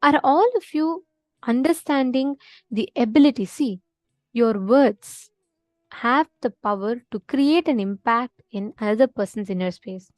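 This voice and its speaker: A woman's voice: on the high side, measured pace, a little mellow, dry recording. Woman, spiritual teacher, live online session, explanatory, checks understanding, dry close sound.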